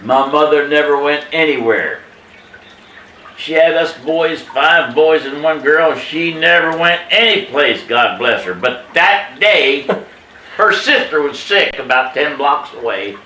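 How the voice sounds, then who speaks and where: A man in his eighties telling a family story from his childhood in a casual, animated way, emphatic and salty, chuckling as he goes. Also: on the high side, takes it slowly, slight background noise. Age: 80s. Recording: echoey room, mic at a distance.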